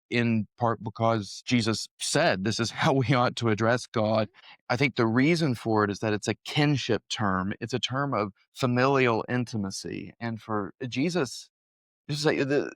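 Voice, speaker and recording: A man's voice: mid-range voice, fairly bright tone, no echo, studio quality. A young man co-hosting a conversational Bible study podcast, speaking in an earnest, thoughtful way and laughing easily. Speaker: podcast co-host.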